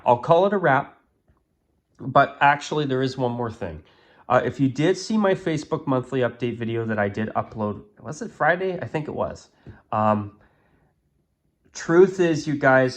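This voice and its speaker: Chatty man ranting on his vlog. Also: mid-range voice. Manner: chatty, opinionated, rambling with fillers and restarts. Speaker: YouTube channel host. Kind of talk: casual vlog commentary. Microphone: phone.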